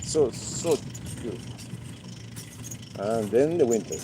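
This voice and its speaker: Slow, rambling man with street noise. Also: medium pitch, animated. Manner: rambling, repeats words, many fillers. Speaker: livestream host. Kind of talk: casual live-stream monologue.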